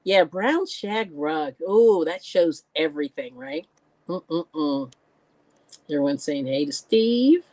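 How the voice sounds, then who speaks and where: A woman's voice: sits low, slow, a little mellow, dry recording. A woman hosting a casual crafting livestream, reading viewer comments aloud, chatting and laughing often. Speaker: livestream host. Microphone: computer mic on a live stream.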